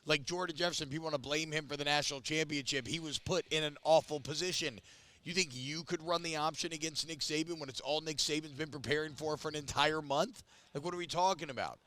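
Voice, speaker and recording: A man's voice: fairly high pitch, quick pace, sharp tone. A man in his thirties co-hosting a casual sports talk show, emphatic and opinionated, speeding up in bursts and stretching his stressed words.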